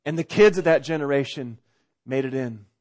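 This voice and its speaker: A man preaching a conversational sermon as pastor, rising to loud swells and dropping to quiet asides. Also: mid-range voice, moderate pace.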